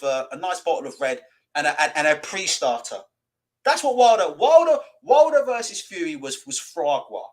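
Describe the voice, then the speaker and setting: A man hosting a boxing livestream, ranting, swearing and reading out viewer comments, with mocking put-on voices. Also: a little high. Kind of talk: live-stream rant and comment reading.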